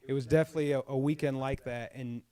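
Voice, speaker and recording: A man's voice: medium pitch, steady tone, fast, warm tone. Rambling man hosting a fight podcast. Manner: rambling, repeats words and "at the end of the day". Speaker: fight promoter, podcast host. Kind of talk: casual podcast chat.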